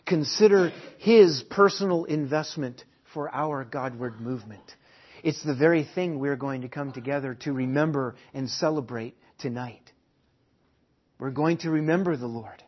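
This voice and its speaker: A husky male preacher with a fairly high voice delivers an emphatic sermon at a church service. He repeats key phrases and swings between soft, low passages and loud, rising ones. The recording is dull and lo-fi.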